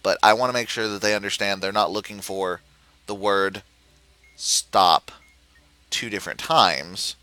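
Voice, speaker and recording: A man with a lowish, bright, forward voice guides viewers through a puzzle game in a relaxed tutorial. He thinks aloud as he goes, filling pauses with "uh" and restarting sentences to clarify. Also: no room sound, rough recording. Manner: explanatory, thinking aloud with frequent "uh" and self-corrections. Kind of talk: screen-recorded game tutorial.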